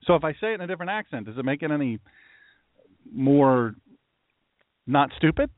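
A man, a pastor, giving a mocking, animated commentary monologue and talking to an imagined audience. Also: a little high, fairly quick, long pauses, dry recording. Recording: tinny phone-like dry sound.

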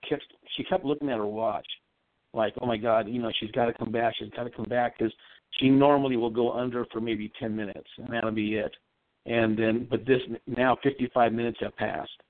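Over a dry, thin phone line, a man tells a long story on a call-in show in a casual, earnest, rambling way; he is a psychic medium. His pitch is ordinary and mid-range. The recording is dry, close and dead, with no room around it.

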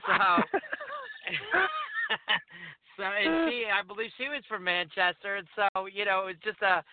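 A man, a wrestler guest, telling an animated story about his career, laughing often and acting out bits of dialogue. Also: high-pitched, normal speed, smooth. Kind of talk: casual phone interview storytelling. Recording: tinny phone line.

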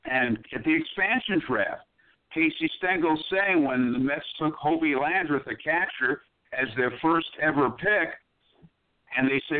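An older man from Brooklyn, a broadcaster, giving measured answers with precise diction in an interview. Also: fairly high pitch. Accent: mostly neutral American, faint New York traces. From Brooklyn, New York. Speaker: guest broadcaster. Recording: tinny phone-like line.

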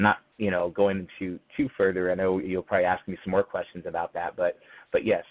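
A man being interviewed as an author, speaking earnestly and steadily with frequent fillers. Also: sits low. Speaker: author and guest. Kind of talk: faith-based interview. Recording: tinny phone line.

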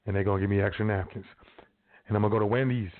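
A man's voice: fairly low pitch, steady tone, racing. A man hosting a show, talking in a rambling, slangy, casual advice monologue. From South Side of Chicago. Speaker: host. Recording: phone-like narrow sound.

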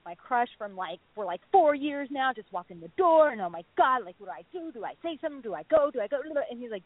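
A woman in her thirties, a dating coach, telling a story in casual radio chat, animated and full of "like". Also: fairly high pitch, quick pace, few pauses, dry recording. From Texas. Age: 30s. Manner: animated, acts out quotes, lots of "like". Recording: tinny phone-line sound, dry.

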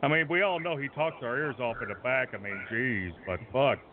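Over a tinny, phone-like line with faint noise, a man with an animated, mid-range voice speaks briskly in character as a brash wrestler on a talk show. It's an in-character promo: he brags, rambles, and stretches his words for effect.

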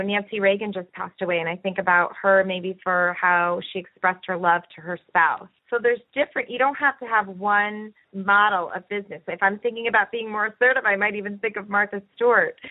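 A woman host speaks earnestly and encouragingly, stretching her thoughts into long explanations. Her voice sits at an ordinary middle pitch. It comes through thin and narrow, like a phone line. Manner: earnest, encouraging, talks at length. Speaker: podcast host and coach. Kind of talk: conversational podcast discussion. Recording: tinny phone-line audio.

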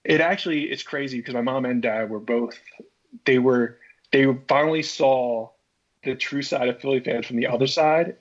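A man from Philadelphia, a former baseball pitcher, telling a story in a casual chat and acting out his own reactions. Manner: acts out his own past reactions, many restarts. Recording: dull lo-fi podcast audio.

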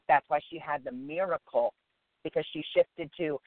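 An earnest man with a slightly high voice, talking on a spiritual radio interview. He sounds tinny and thin, like a phone call, and the sound is dry and close. He is emphatic and repeats key phrases to stress them. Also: fairly quick, no echo. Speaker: guest.

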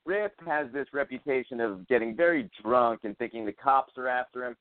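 A man's voice: mid-range voice, brisk, dry recording. A man hosting a casual radio show, rambling and joking crudely. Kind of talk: casual banter. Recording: dry tinny phone-like sound.

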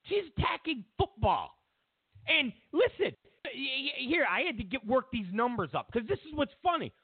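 A man hosting a talk show, giving opinionated political commentary in an animated, rambling way, with restarts and mocking quoted voices. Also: very high-pitched, moderate pace, breathy edge, no echo. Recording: dry, phone-like narrow sound.

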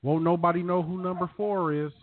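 A man co-hosting a podcast, chatting casually and reading numbers off a ranking with animated emphasis. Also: high-pitched, brisk. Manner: animated, reads out figures from a list. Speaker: podcast co-host. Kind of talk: casual profane banter. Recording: dry, tinny phone-like sound.

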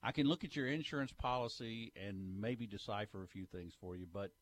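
A man's voice: fairly low pitch, brisk, slight background noise. A man co-hosting a sports radio show, joking at his own expense. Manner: self-deprecating, joking. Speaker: radio co-host. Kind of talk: casual radio banter.

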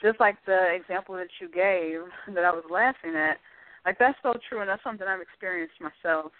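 A woman's voice: on the low side, fairly quick, no room sound. A woman co-hosting a radio talk show, speaking candidly and agreeing with the host. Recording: dry phone-like radio sound.

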